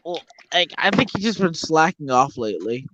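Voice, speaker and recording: A man's voice: on the high side, sing-song, normal speed, background noise. A man chatting casually on a gaming podcast, rambling with many restarts. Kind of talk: casual chat. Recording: dull lo-fi dry mic.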